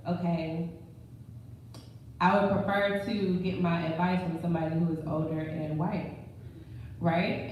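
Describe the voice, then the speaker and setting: A young woman who works as a mortgage branch manager, telling her career story in a candid, self-assured, conversational way on a live panel. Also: lowish voice. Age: young adult. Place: live event room. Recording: echoey room, distant mic, dull sound, faint noise.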